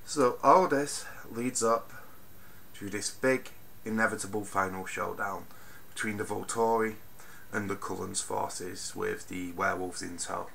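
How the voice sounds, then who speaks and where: A man giving a casual spoken film review, animated and ranting, swinging from mutters to loud bursts and swearing freely. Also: fairly low pitch, a little slow, vocal fry, slight background noise. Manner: swears freely, exasperated rants.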